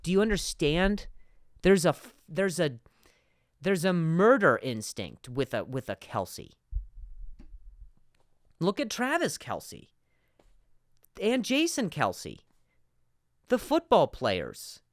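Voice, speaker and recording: A man's voice: on the high side, slow pace, pauses often, no room sound. Stuttery guy doing a comedy rant on his podcast, voice jumping all over, dry close mic. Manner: stuttering, animated ranting with asides. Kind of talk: comedic monologue.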